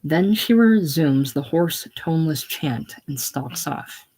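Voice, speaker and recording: A reader reading the stage directions in a casual play reading, plain and unhurried. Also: medium pitch, lively intonation, a little mellow, breathy edge, poor audio.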